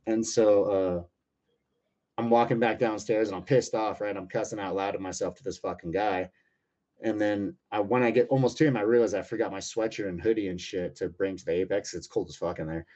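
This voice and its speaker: Brief: man in his thirties, low-voiced, rapid, profane storyteller, rambling with fillers. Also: steady tone, darkish tone. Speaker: UFC lightweight fighter, interview guest. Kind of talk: casual storytelling interview. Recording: muffled lo-fi audio.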